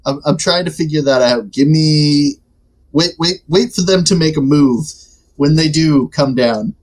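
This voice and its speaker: A man's voice: on the high side, measured pace. A man playing a tabletop game, joking and rambling casually in character. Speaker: player.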